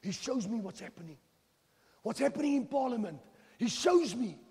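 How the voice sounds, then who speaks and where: A man with a South African accent preaching a sermon in a church. He swings between hushed phrases and shouting, with Afrikaans phrases mixed into his English. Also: extremely high pitch, expressive, normal speed. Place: large church hall. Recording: church hall with long reverb.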